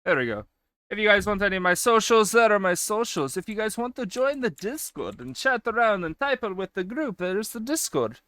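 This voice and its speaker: A man streaming and chatting casually with his viewers. He swings between loud excited bursts and quieter asides, and he swears casually. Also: sits high, fairly quick, dry recording, clean studio sound. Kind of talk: casual chat with a live stream chat.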